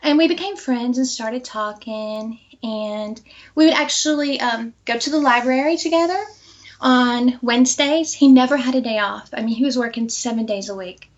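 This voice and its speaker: Woman, high voice, animated interview storytelling, dull lo-fi sound. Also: normal speed. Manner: animated, acts out quoted dialogue.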